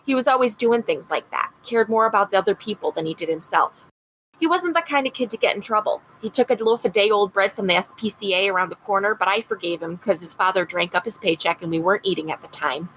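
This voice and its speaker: A woman's voice: mid-range voice, animated, fast talker, a bit bright, a little hiss or hum, close to an everyday voice, low-quality recording. A woman reading aloud as a working-class mother from upstate New York, trying a Rochester accent. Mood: wistful. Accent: Rochester, upstate New York (imitated). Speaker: podcast co-host.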